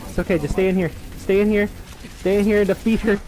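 A young man chatting loudly with friends while gaming, often yelling and laughing in the middle of fights. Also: high-pitched, quick pace, poor audio. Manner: excitable, yells and laughs during fights. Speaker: gamer recording with friends. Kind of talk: loud casual game chat.

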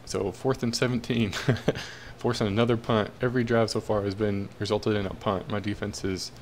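A man's voice: fairly low pitch, flat delivery, normal speed, slight background noise. A young man casually commentating his own football video game, cheering and groaning at the plays. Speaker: gaming commentator.

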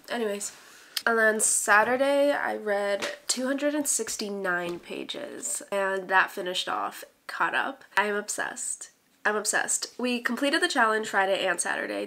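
A young woman talking to camera at home on a casual book vlog. Her voice is gushing and giggly, and she gets excitable as she chats. She speaks at a middle pitch. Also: creaky. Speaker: book vlogger.

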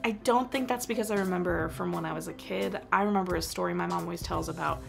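A woman's voice: lowish voice, quick pace, gravelly, fairly bright tone, faint music behind. A young woman chatting casually as she reviews a movie for her vlog, filling her talk with "like.". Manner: chatty, full of "like" fillers.

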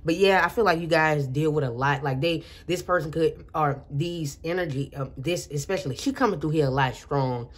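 A woman's voice: deep voice, normal speed, hardly any pauses. Woman tarot reader; chatty, earnest, loose delivery full of restarts. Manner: rambling and chatty, with frequent restarts. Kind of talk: casual intuitive tarot reading.

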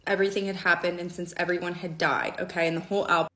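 Woman doing storytime, kinda low voice, keeps saying okay?. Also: little pitch movement, rapid-fire, sharp tone. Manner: conversational, checks in with "okay?". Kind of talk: storytime recounting.

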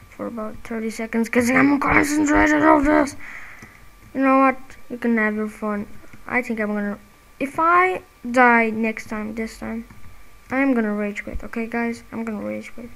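Woman, gameplay commentary, excitable, rage-prone, apologetic, unhurried delivery, slightly high voice. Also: creaky, rough recording. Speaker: gamer and channel host.

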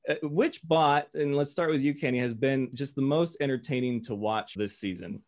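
A man's voice: medium pitch, normal speed, a little mellow. A man hosting a casual chat, easygoing, leaning on fillers and rattling off lists of names and records. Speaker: host.

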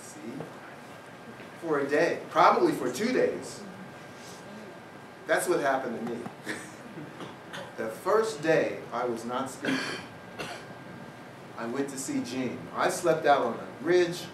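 This guest speaker has a medium-pitched, expressive voice and a measured delivery with frequent pauses. He shares amusing personal anecdotes and wry remarks with an audience in a university lecture hall, recorded noisily from a distant mic in the roomy hall.

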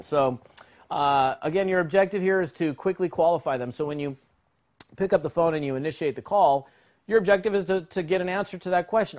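Guy teaching phone sales script, fairly high voice, upbeat and chatty. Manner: energetic, conversational, acts out both sides of calls. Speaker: sales trainer.

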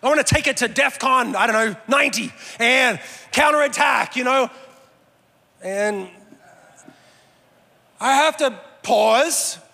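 High, bright-voiced preacher man in a reverberant hall. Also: slow pace, vocal fry, long pauses. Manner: conversational, self-deprecating humor. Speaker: pastor. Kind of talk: sermon.

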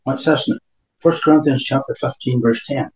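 A man's voice: medium pitch, moderate pace, a little mellow, roomy sound, low-quality recording. A man preaching a sermon, reading scripture aloud between emphatic remarks.

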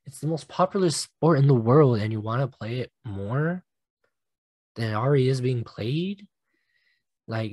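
A young man hosting a solo sports podcast, animated and emotional, swearing casually and laughing at himself. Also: medium pitch, slightly rough, dry recording. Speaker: podcast host.

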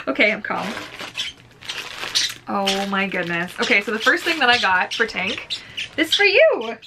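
In a noisy setting, a female vlogger unboxes her pet bird, chatty and giggly, dropping many fillers and baby-talking to the bird. Her mid-pitched voice is animated, measured in pace, with frequent pauses.

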